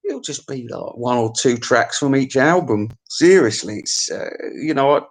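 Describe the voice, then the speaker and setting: A man's voice: medium pitch, normal speed. A man, hosting a music countdown in a rambling, opinionated comic monologue full of swearing, restarts and stammers.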